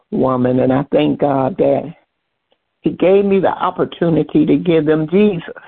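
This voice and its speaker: An older woman giving a slow, grateful church testimony with halting restarts. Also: deep voice, gravelly, slightly rough. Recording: phone-line call audio.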